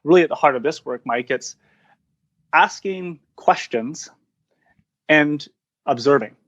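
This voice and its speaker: A man's voice: on the high side, unhurried, fairly bright tone, lo-fi sound. A man speaking as a podcast guest in reflective interview talk, earnest and searching, with frequent restarts. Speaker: podcast guest, founder of a coaching practice.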